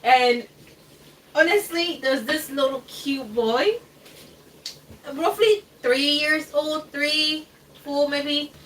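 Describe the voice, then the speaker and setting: Chatty woman cooking, slightly high voice. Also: slow, long pauses, a bit bright. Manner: chatty, rambling, laughs a lot, hesitant fillers. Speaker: host cooking live. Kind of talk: casual livestream chat while cooking. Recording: distant mic with faint background noise.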